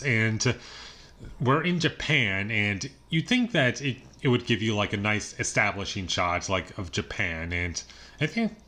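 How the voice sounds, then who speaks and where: A man's voice: deep voice, sharp tone. A man giving a casual spoken movie review, rambling with many fillers and a dry, exasperated tone. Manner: dry, exasperated critique with small laughs.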